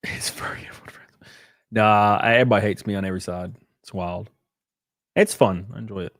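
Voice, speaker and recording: In a fairly low, fairly even voice, an American man chats fairly quickly with his live-stream audience, recorded at studio quality with no room sound. He rambles in a relaxed way, swears occasionally, and breaks into bits of a theme song.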